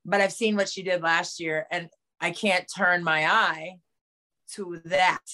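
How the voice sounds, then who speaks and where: A woman basketball analyst co-hosting a podcast in casual chat, her voice raspy today. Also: fairly low pitch, fairly even intonation, unhurried, bright, forceful tone.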